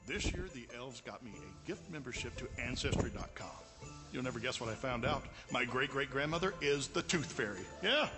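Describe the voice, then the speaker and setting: Guy doing old santa in a tv ad, jolly, dry jokey delivery, mid pitched, music behind. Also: expressive, brisk, close to an everyday voice. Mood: wry. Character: jolly old man Santa Claus in a holiday ad. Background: holiday music.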